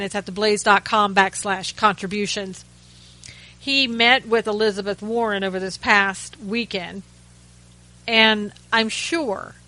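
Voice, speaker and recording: A woman's voice: mid-range voice, sharp tone, rough recording. A woman hosting a talk radio show, giving chatty, sarcastic commentary with frequent asides and restarts. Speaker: radio host.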